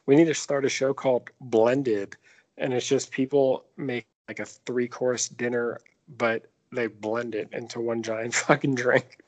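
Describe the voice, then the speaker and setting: This is a man in his thirties, talking casually on a podcast, loose and joking, with a lot of swearing. His pitch sits at an everyday middle level for a man. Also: flat delivery, measured pace. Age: 30s. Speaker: podcast co-host. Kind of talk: casual chat.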